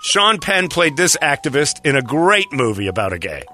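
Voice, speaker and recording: A man's voice: on the high side, sing-song, moderate pace, bright, forceful tone, faint music behind. A man hosting a quiz game on a radio show, joking and teasing the players and laughing often. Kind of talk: casual radio banter.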